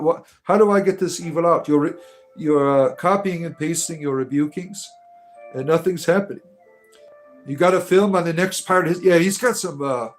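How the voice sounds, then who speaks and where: A man hosting a satirical livestream, reading comments aloud and answering them with sarcastic taunts and mock-grandiose proclamations. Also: a little high. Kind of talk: mocking comedic livestream commentary.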